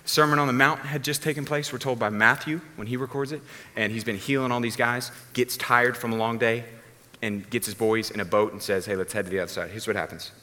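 A man's voice: mid-range voice, fairly quick. A man preaching a sermon as a pastor, telling the story casually and acting out the people in it. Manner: casual, animated storytelling with acted-out voices. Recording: long hall reverb.

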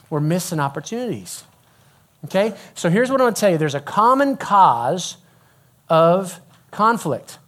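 A middle-aged man giving a sermon, an animated storyteller who drops to a hushed voice when quoting dialogue. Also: fairly high pitch. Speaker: youth pastor.

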